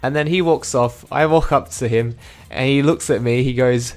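A man's voice: mid-range voice, normal speed, few pauses, soft background music. Young aussie guy rambling thru a vlog recap, keeps correcting himself, dry asides. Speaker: vlogger.

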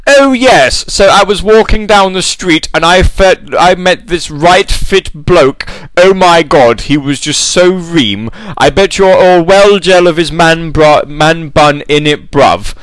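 A man's voice: on the high side, takes it slowly, few pauses, a bit bright, clean tone, no echo, low-quality recording. A man putting on a posh gossip awkwardly spouting reality-show slang in a mocking way. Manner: exaggerated, mocking.

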